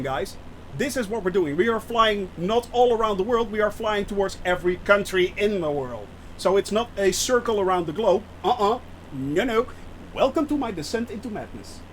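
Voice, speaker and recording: A man's voice: sits high, a little hiss or hum. A man streaming a flight simulator and chatting with viewers in a rambling, giggly way, often breaking off to laugh. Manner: rambling, giggly, talks to chat. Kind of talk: live-stream chat with viewers.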